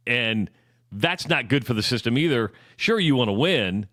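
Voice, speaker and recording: A man's voice: medium pitch, expressive, a bit bright, no room sound. A man co-hosting a sports talk radio show in a mid-range voice. He chats casually and often stumbles and restarts as he frames his questions. The sound is dry and close to the mic. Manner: halting, restarts questions, conversational. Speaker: radio co-host.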